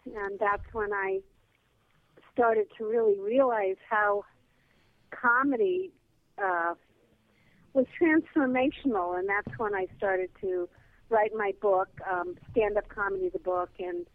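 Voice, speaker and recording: A woman guest telling a lively comedy anecdote over the phone, full of fillers. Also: medium pitch, takes it slowly, no room sound. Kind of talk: casual storytelling on a call-in show. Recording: tinny phone line, dry.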